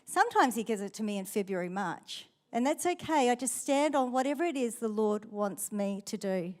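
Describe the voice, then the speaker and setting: A woman's voice: a little high, lively intonation, normal speed. A middle-aged woman pastor with a New Zealand accent, preaching a sermon in a chatty, storytelling way.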